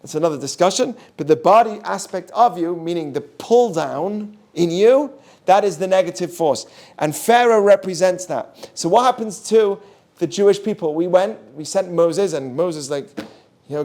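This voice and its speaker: Rabbi giving a class: man, high voice, animated, quizzes the room. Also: moderate pace. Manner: animated, asks the audience questions, mixes in Hebrew terms. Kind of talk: lively Torah class.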